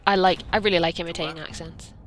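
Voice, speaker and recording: A woman's voice: fairly low pitch, steady tone, quick pace, slight background noise. A young woman with a Welsh accent, chatting and joking while hosting a let's play. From Wales. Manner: chatty, jokey. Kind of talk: casual gaming commentary.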